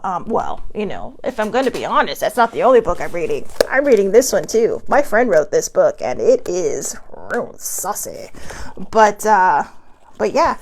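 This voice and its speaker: A woman's voice: medium pitch, slight background noise. A middle-aged woman hosting a casual self-help vlog from her desk at home, talking candidly and rambling with many fillers. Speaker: host.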